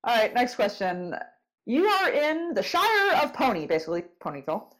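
A woman's voice: on the high side, huge pitch swings, moderate pace, fairly bright tone, low-quality recording. A young woman hosting a casual podcast interview, giggly and teasing, calling out to her co-hosts. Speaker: podcast host.

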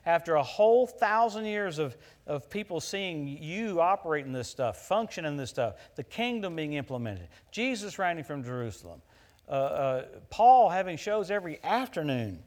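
Animated middle-aged male preacher. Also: a little high, moderate pace. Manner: animated storytelling, rising loud at punchlines. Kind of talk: sermon with personal story.

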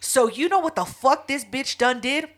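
A woman's voice: high voice, lively intonation, moderate pace, noisy background. A woman co-hosting a casual chat, telling a comic story bluntly with lots of swearing. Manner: profane, blunt, acts out quoted people.

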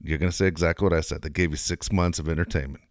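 A man's voice: low-pitched, fairly even intonation, no echo, studio quality. A man co-hosting a sports talk radio show, bantering casually and egging the host on. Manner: quick, agreeable sidekick who eggs the host on. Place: radio studio.

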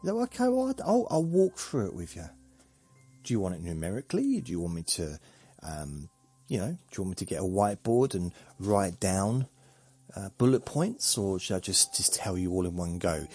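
A man's voice: sits low, sing-song, moderate pace, darkish tone, no room sound, faint music behind. A man putting on a voice for his pet dog, talking in a whiny, cheeky and condescending way. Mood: sarcastic. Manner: whiny, then sassy and condescending.

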